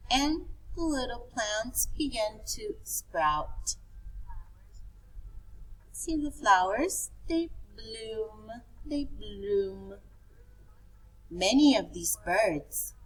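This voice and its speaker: A woman's voice: medium pitch, fairly bright tone, breathy edge, rough recording. A woman teaching preschool children, pointing things out in a sing-song, coaxing way.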